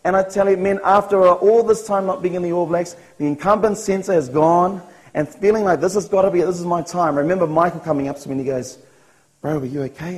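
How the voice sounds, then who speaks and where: Giving his testimony as a sermon, this New Zealander speaks fairly quickly in a high voice, and the audio is poor. He tells his story earnestly, voicing his own thoughts and laughing at himself now and then.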